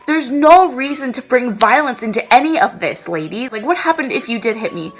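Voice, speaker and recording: A young woman in her twenties telling a dramatic storytime vlog in an animated way. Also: a little high, brisk, soft background music. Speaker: vlogger.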